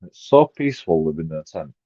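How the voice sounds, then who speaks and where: A man, rambling profanely on a live stream and swinging between mumbled asides and loud outbursts. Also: very deep voice, big pitch swings, quick pace, dry recording. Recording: dry, dull lo-fi sound.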